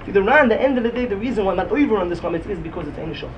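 High, fast-talking yeshiva lecturer. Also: male voice, muffled recording. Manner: animated, sing-song talmudic cadence. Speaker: Talmud teacher. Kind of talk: yeshiva-style Talmud lecture. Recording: distant mic, faint room noise.

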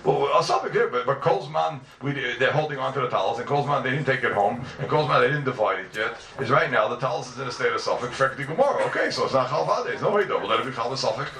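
A man's voice: medium pitch, animated, fast, hardly any pauses, bright, forceful tone, roomy sound, recorded from a distance, slight background noise. A man teaching a class on religious texts, emphatic and full of rhetorical questions.

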